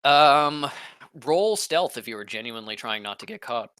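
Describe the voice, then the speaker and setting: A man narrating a tabletop game as game master, halting, with many fillers. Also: mid-range voice, big pitch swings, a bit bright, clean tone, no echo.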